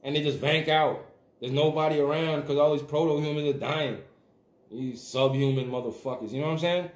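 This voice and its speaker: A man's voice: fairly high pitch, steady tone, brisk, echoey room. A man hosting a livestream, ranting in a casual, profane and emphatic way. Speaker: livestream host.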